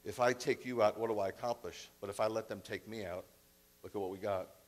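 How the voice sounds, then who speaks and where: A man doing a calm, dryly sarcastic teacher. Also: fairly low pitch, brisk, lightly acted. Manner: calm, dry, quietly sarcastic. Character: calm male Jewish teacher, dry sarcasm.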